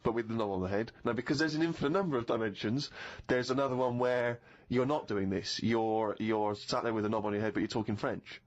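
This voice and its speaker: A man's voice: mid-range voice, a little fast, hardly any pauses. A man co-hosting a radio comedy show, telling self-mocking stories in an articulate, wry, conversational way. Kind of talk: conversational storytelling. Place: radio studio. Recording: dull lo-fi radio recording.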